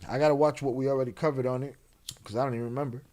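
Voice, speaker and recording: A man's voice: medium pitch, fairly even intonation, very fast, warm tone. A man hosting a casual livestream, talking bluntly and skeptically with a lot of swearing. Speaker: livestream host.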